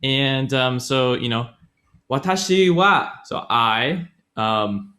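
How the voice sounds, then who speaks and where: A man's voice: mid-range voice, steady tone, slow, bright, forceful tone. A man co-hosting a casual podcast, explaining grammar in a loose, rambling way with many fillers, self-corrections and frequent laughs. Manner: laughs often.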